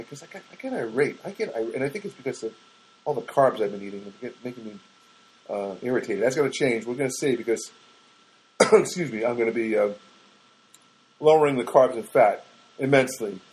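A man's voice: mid-range voice, animated, a little fast, a little mellow, a little hiss or hum, rough recording. A man talking alone in his small studio apartment, telling a rambling, exasperated story for his podcast. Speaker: solo podcaster. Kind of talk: casual monologue.

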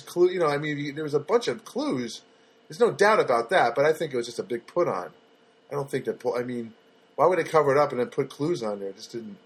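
A man's voice: mid-range voice, slightly rough. A man hosting a casual solo podcast from his apartment, talking in a loose, rambling way with many fillers and restarts. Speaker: podcast host. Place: studio apartment.

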